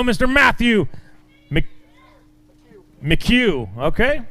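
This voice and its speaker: A man's voice: sits high, bright, forceful tone. A man emceeing a fishing tournament weigh-in, announcing weights in an upbeat way and joking with the anglers.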